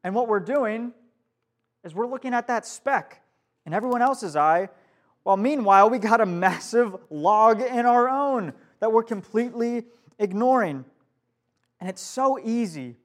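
A man's voice: high voice, lively intonation, unhurried. A young man, a youth pastor, giving a casual youth group sermon to a live room, asking the listeners questions as he goes.

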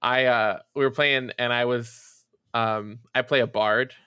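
A man's voice: mid-range voice, fairly even intonation, unhurried, sharp tone, smooth, dry recording, studio quality. A man co-hosting a podcast, telling a long rambling story full of fillers and casual swearing. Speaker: podcast co-host. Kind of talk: casual chat.

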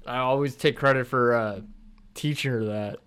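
A man's voice: mid-range voice, normal speed, fairly bright tone, clear, resonant tone. A young man co-hosting a podcast, laid-back and joking, with crude asides. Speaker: podcast co-host. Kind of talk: casual chat.

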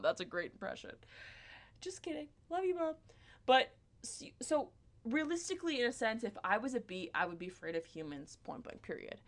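A woman's voice: mid-range voice, a bit bright. A woman delivering a rambling, self-deprecating comedic monologue, full of "like" and restarts.

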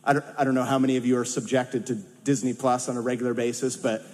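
A man's voice: medium pitch, flat delivery, quick pace, a little mellow. A man from California with a Californian accent, preaching a sermon in a conversational way with humorous asides. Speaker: pastor. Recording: long hall reverb.

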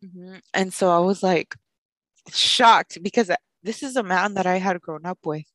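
A young woman podcast host telling a personal story in a casual, animated way, with lots of "like". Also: fairly low pitch, a little slow, no room sound. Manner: animated, fills speech with "like", acts out quoted voices.

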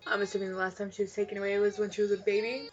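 A young woman co-hosting a casual movie podcast, blunt and swearing freely, getting loudly exasperated. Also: mid-range voice, flat delivery, racing, dull audio. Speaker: podcast co-host. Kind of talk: casual movie-watching chat.

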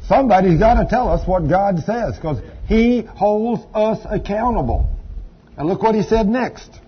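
Higher-voiced preacher man. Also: lively intonation, a little slow, dull audio, a little hiss or hum. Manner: emphatic preaching with asides to the congregation. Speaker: pastor. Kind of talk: sermon. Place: church service.

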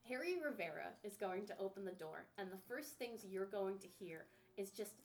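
A woman's voice: medium pitch, lively intonation, normal speed. A woman narrating as game master of a tabletop game, casual and profane, laughing often.

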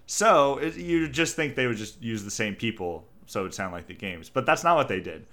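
A man co-hosting a relaxed group chat, his voice bright and forward. He swings his pitch around a lot as he sets up playful bits for the others. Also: fairly quick. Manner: animated, playful, leads the bits.

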